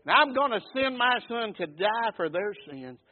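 Preacher voicing God, calm and assured. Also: male voice, high voice, normal speed, in a large hall, pitched above the performer's own voice. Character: loving God, calm and resolute. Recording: tinny phone-like sound.

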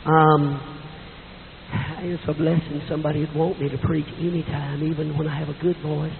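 A middle-aged man preaching a sermon in a church with a hoarse, weak voice, telling folksy stories with self-deprecating asides. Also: a little high, flat delivery, moderate pace. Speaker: visiting preacher. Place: church sanctuary. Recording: tinny echoey church recording with hiss.

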